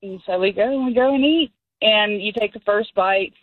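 A woman's voice: medium pitch, normal speed, dry recording, narrow, tinny audio. A middle-aged woman calling in to a radio show, telling a story in a chatty way and laughing as she goes. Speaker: caller. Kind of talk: call-in anecdote.

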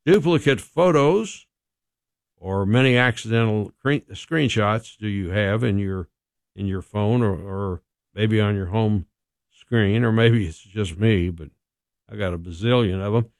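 A male radio host giving casual, chatty morning news items and phone tips, often pausing with "uh". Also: on the low side, no echo, clean studio sound. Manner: casual, chatty, with frequent "uh" fillers.

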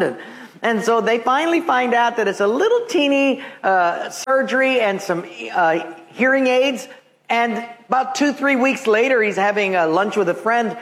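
A man in his seventies, a pastor, preaching a sermon and telling jokes to his congregation. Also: high-pitched. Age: 70s. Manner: animated storyteller, joking. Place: church sanctuary with congregation.

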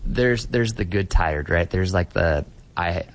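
Deep-voiced earnest male pastor. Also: animated, unhurried. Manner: earnest, repeats words when starting sentences. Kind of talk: conversational interview.

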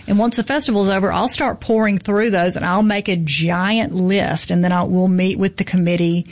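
A chatty woman talks casually about running a book festival. She tells stories and acts out the voices of the people in them. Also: medium pitch. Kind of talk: casual chat.

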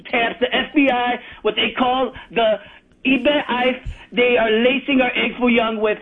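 A man with a Chicago accent calling into a show, rambling rapid-fire from one topic to the next. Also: very high-pitched, fairly even intonation, a little hiss or hum. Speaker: caller. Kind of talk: rambling call-in monologue. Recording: tinny phone line.

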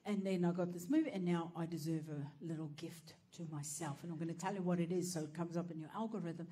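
A woman's voice: lowish voice, quick pace, warm tone. A woman doing a stand-up comedy set, telling a story in a brash, profane way.

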